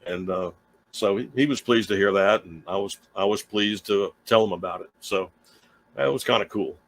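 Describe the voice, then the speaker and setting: A middle-aged man with a fairly low voice tells an old studio story in a loose, rambling way. He restarts phrases and drifts into asides as he talks from his small home studio. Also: normal speed, low-quality recording. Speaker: guitar teacher and livestream host. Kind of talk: casual storytelling.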